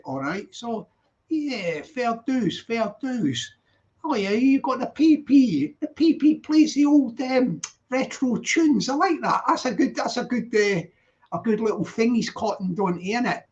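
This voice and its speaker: A very high-pitched man with a darkish tone hosts a livestream, greeting viewers and rambling along with lots of "yeah." He's in his sixties, from Glasgow, and his Glaswegian accent is tinged with London. The audio is dull and lo-fi.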